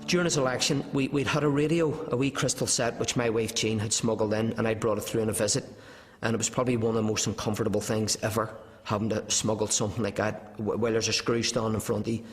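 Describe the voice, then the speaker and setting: Northern irish bloke, quick and blunt, fairly low flat voice, bit of room echo. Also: male voice. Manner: brisk, blunt anecdote telling. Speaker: former prisoner interviewee. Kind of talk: documentary interview recollection. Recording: reverberant room.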